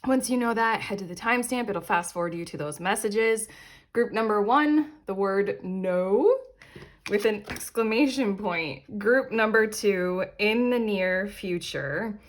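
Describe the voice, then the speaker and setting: A young adult woman hosting a casual tarot reading, chatty and animated, often breaking into laughter. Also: medium pitch, measured pace. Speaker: tarot reader and channel host.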